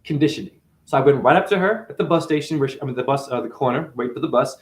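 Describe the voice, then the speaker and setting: A man hosting a casual livestream monologue to his chat, preachy and animated, swinging between loud outbursts and quiet muttering. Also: medium pitch, quick pace, roomy sound, slight background noise.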